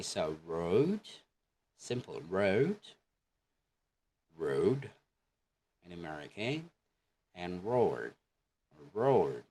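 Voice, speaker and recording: A man teaching an online English lesson, explaining deliberately and often checking in with "okay?". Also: deep voice, slight background noise.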